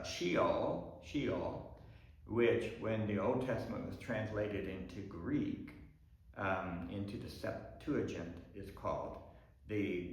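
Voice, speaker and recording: Lowish-voiced guy pastor explaining a bible passage, lots of ums, big echo all around. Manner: explanatory, thinking aloud with frequent ums and restarts. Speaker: pastor teaching a Bible study. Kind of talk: Bible study lecture. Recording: very echoey room.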